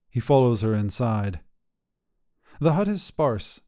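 Man, fiction podcast narrator, steady storytelling, warm dark tone. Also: medium pitch, slow.

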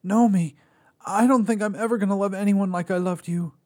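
A man's voice: high voice, steady tone, brisk, mellow, pitched above the performer's own voice. A man voicing a heartbroken young man who pleads with his ex, choked and breathless. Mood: pleading.

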